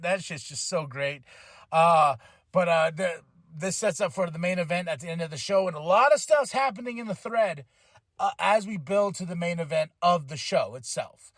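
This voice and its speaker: High-voiced man recapping wrestling, rambling. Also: no echo. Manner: animated and rambling, with impressions and asides. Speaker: podcast host.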